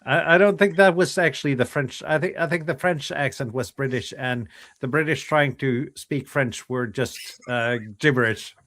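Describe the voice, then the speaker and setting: A man co-hosting a casual chat, speaking in a measured, slightly wry way. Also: mid-range voice, fairly bright tone. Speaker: co-host.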